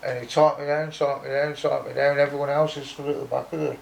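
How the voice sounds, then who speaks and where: A man's voice: a little high, level tone, quick pace, gravelly, slight background noise. A man telling a hard personal story in blunt, streetwise talk, often adding "you know what I mean". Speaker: interview guest.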